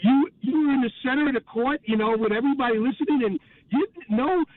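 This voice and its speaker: Brief: earnest, friendly male caller, very high voice, tinny phone line. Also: quick pace. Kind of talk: caller praising the hosts on air.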